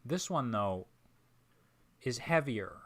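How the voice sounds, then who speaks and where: A man narrating as game master of a tabletop role-playing game, describing scenes in a measured, pausing way. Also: mid-range voice, expressive, a bit bright. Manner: measured, descriptive, with frequent pauses.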